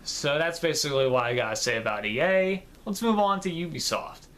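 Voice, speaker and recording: Bright-voiced man rambling about games. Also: fairly high pitch, animated, a little fast. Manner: rambling and informal, with fillers and casual swearing. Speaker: gaming video creator. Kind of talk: casual commentary vlog.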